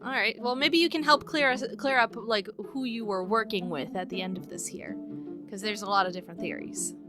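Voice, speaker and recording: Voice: medium pitch, fairly quick, music in the background. A woman co-hosting a podcast, retelling a case from her notes in casual chat and laughing often. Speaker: podcast co-host.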